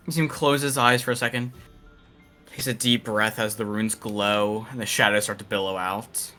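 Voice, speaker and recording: A man with a bright, forward voice narrates as game master in a tabletop game. His telling is casual and loose, full of "like" and "you know.". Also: fairly low pitch, fairly even intonation, moderate pace, soft background music.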